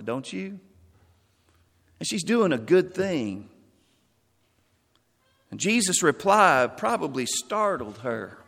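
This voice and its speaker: A man preaching a sermon, expressive, acting out the quoted lines of the people in the passage. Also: on the high side, gravelly. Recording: long hall reverb.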